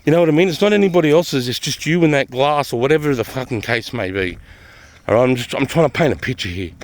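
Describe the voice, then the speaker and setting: This former soldier turned vlogger, a middle-aged man with an Australian accent, speaks fast and expressively in a mid-range voice. His casual vlog talk is full of swearing, emphasis and repeated points.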